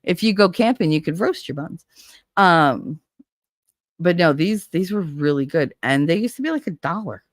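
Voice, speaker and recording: A woman's voice: lowish voice, expressive, normal speed, no room sound, studio quality. A middle-aged woman, chatting casually with viewers and telling stories with swearing and laughs. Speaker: livestream host.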